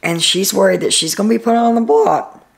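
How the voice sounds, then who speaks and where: Woman host, chatty reality-show recapper, a gravelly fry in her voice, mid pitch. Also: brisk. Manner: chatty storytelling, frequent "he's like" quotes. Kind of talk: casual recap commentary.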